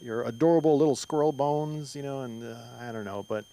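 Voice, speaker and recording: A man's voice: mid-range voice, brisk, mellow, rough recording. A middle-aged man from Mexico works through a stand-up set at an open mic. He rambles and restarts, padding his stories with ums and uhs. He is heard through a handheld stage mic in a club. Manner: rambling, filler-heavy storytelling with frequent restarts. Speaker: stand-up comedian.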